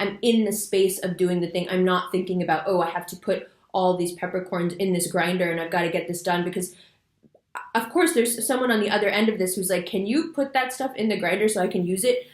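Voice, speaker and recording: A woman talks loosely and casually, slipping into little acted-out quotes as she tells a story. Her delivery is fidgety and full of fillers. The room around her adds a noticeable echo. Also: medium pitch. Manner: animated storytelling with voiced quotes. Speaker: astrology video host. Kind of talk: casual spoken monologue.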